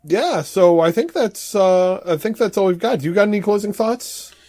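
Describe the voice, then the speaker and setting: A man's voice: high-pitched, expressive, moderate pace, darkish tone. Laid-back male podcast co-host. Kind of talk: casual wrestling chat.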